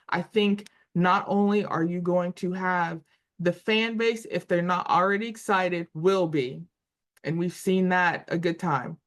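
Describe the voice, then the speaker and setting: A woman in her forties chats about college football as a show co-host, with a slightly low voice. She thinks out loud, stumbling and repeating words as she searches for names. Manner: thinks aloud with frequent restarts and repeated words. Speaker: podcast co-host. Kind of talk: casual sports talk.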